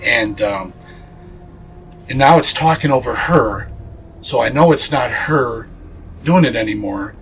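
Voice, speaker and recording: Guy telling a spooky story in an interview, average pitch, lots of ums and restarts, faint music behind. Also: expressive, a little slow, pauses often, poor audio. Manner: earnest storyteller, frequent fillers and restarts. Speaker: paranormal investigator, interview guest.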